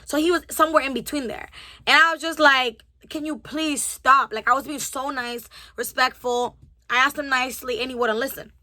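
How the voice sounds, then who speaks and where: Bright-voiced young woman telling a story. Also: high voice, fairly quick, no echo. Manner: animated, acts out both sides of the dialogue with a rising temper. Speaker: vlogger. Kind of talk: story time retelling.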